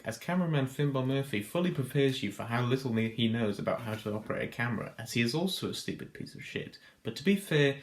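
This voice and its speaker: A man narrates a scripted video analysis with a dry, mock-grand deadpan. His voice sits at an everyday middle pitch. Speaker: video host.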